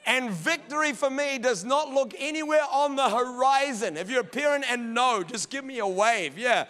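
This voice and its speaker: A man's voice: very high-pitched, animated, normal speed, bright, forceful tone. A middle-aged male pastor preaching a sermon, telling funny stories and acting out bits of dialogue. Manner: humorous storytelling, acts out dialogue. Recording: long church hall reverb.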